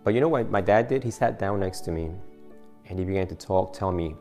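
A man's voice: low-pitched, a little fast, dark tone, soft background music. A man preaching a sermon in a loose, conversational way, often restarting his phrases and chuckling at his own story.

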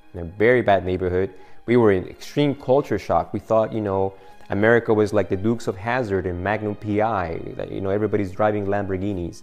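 A man preaching a sermon in a loose, conversational way, often restarting his phrases and chuckling at his own story. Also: on the low side.

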